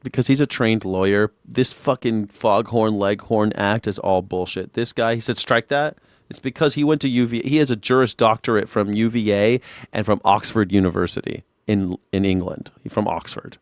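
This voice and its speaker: A man's voice: fairly low pitch, moderate pace, no room sound. A man giving casual, profane commentary while reacting to a hearing clip, blunt and sarcastic. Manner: sarcastic, blunt, swears freely.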